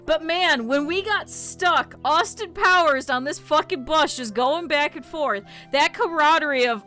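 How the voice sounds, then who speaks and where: A woman streamer telling stories in casual, animated, profane talk, laughing often. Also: high voice, normal speed, few pauses, faint music behind. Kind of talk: casual livestream storytelling.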